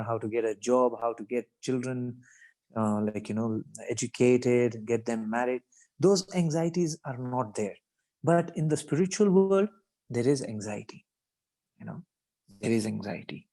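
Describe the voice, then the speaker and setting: A man's voice: medium pitch, mellow, poor audio. A man giving a reflective devotional talk at a scripture reading, thoughtful and rambling, with many "you know" asides. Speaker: guest speaker at a scripture reading.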